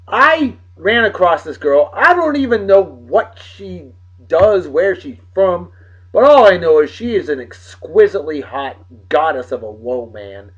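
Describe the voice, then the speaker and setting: A man with a high, husky voice and big pitch swings hosts a casual video blog, speaking unhurriedly. He rambles with playful, exclamatory asides, and the lo-fi home recording sounds dull.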